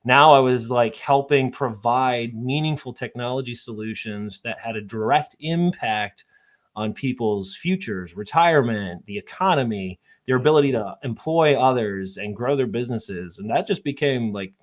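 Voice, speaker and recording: A man from southern Minnesota, a podcast guest telling stories in a chatty, animated way with lots of fillers. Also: mid-range voice, moderate pace. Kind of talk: casual storytelling.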